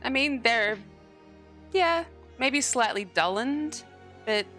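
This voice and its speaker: A woman running a tabletop game as dungeon master, her voice bright and clear, rising and falling with lively swings. She narrates in an animated, giggly way, with faint music underneath. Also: fairly high pitch, takes it slowly.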